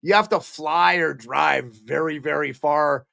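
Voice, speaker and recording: This middle-aged man from Montana has a slightly high, gravelly voice and an unhurried delivery. He does excitable live play-by-play on a home fan stream and chats with viewers between calls.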